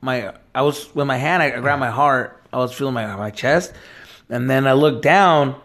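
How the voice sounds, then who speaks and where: A man's voice: medium pitch, normal speed, a bit bright. A young man co-hosting a casual podcast, telling a story animatedly with heavy swearing. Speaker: podcast co-host.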